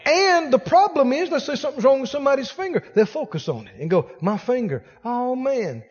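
A man's voice: very high-pitched, big pitch swings, quick pace. A man preaching a sermon, exhorting his congregation emphatically and repeating lines for force. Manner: emphatic, repetitive exhortation with rising intensity. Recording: dull sound with long reverb in a large hall.

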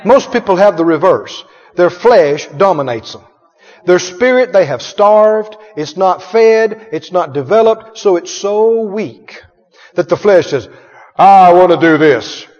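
Preacher guy with a real high voice, swings all over, echoey dull church hall, calls out to the crowd. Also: lively intonation, unhurried, a little mellow. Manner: call-and-response, emphatic, chuckling. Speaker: pastor. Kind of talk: sermon.

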